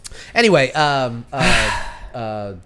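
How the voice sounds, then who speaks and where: Lively, bright-voiced man in casual chat. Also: mid-range voice, slow pace, clean tone. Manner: rambling, laughs often, many restarts. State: a few beers in. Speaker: podcast co-host.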